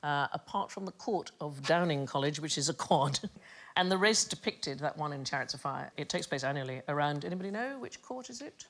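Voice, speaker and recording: A woman hosting a comedy panel quiz in a TV studio, a lively storyteller who teases the audience. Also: deep voice, brisk. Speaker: quiz show host.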